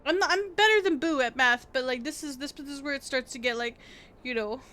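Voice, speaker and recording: A young woman streaming live, chatting casually and excitably to her chat, rambling and laughing at herself. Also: high voice, fairly quick. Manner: excitable, rambling, self-deprecating, laughs often. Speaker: VTuber streamer.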